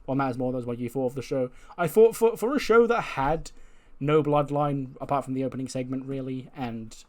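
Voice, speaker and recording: Male video host narrating a game recap, casual, profane, mid-pitched voice. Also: fairly quick, a little mellow. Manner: chatty, profane, laughs while telling.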